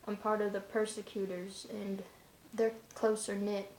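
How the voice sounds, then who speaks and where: A woman with a gravelly, creaky voice that stays flat in pitch, talking straight to camera in a casual vlog. She rambles offhandedly in loose run-on asides. The room around her sounds roomy and echoey. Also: measured pace, a little hiss or hum.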